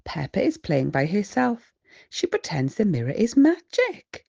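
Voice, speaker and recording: British woman reading kids' book aloud, slow lively delivery, dark tone. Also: mid-range voice, dull audio. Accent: British English. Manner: slow, expressive, clear for children. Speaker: children's book reader. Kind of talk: storybook read-aloud.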